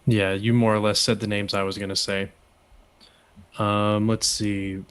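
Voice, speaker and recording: A man's voice: on the low side, little pitch movement, measured pace, clean tone. Male co-host, casual joking chat with frequent laughs, plain everyday voice. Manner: jokey, laughs often. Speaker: co-host of a wrestling review show.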